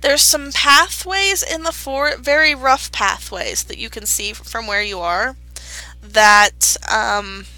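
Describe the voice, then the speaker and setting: A young woman runs a tabletop game, circling back and correcting herself as she describes what the players see. Her voice is bright and fairly high. The sound is dry and close. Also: slow pace, dry recording, low-quality recording. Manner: rambling, self-correcting. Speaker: game master.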